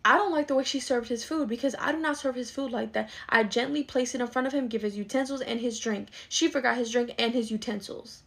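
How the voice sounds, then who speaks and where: A woman's voice: on the high side, brisk, vocal fry, hardly any pauses, a bit bright. A woman playing a bossy middle-aged mother who dotes on her son and scolds her daughter in a comedy skit. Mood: indignant. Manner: scolding, dismissive, indignant. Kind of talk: skit role-play.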